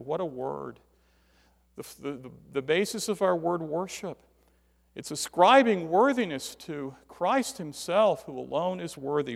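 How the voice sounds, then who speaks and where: A male preacher delivering a sermon in a fairly high, gravelly voice, swinging from loud stresses to near-quiet drops. His words ring out into a long hall reverb. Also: animated, a little slow. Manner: emphatic, rises and drops sharply for stress.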